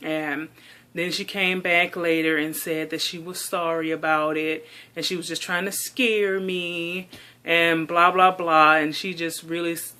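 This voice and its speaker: A woman's voice: on the low side, little pitch movement, a little slow, sharp tone, smooth. A woman venting in a casual vlog monologue, chatty and exasperated, saying "like" a lot. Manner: chatty and exasperated, heavy use of "like". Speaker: doll collector vlogger.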